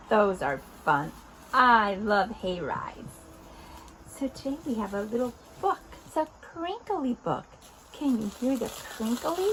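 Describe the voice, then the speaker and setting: Lively high-voiced woman hosting for toddlers. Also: a little hiss or hum, poor audio. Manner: animated, coaxing, talks directly to small children. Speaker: children's video host. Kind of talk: interactive toddler lesson.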